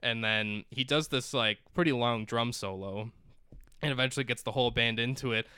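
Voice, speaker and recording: A man chatting casually, retelling a story in an animated way, with lots of "like". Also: medium pitch, moderate pace, clear, resonant tone, no echo, studio quality. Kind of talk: casual chat.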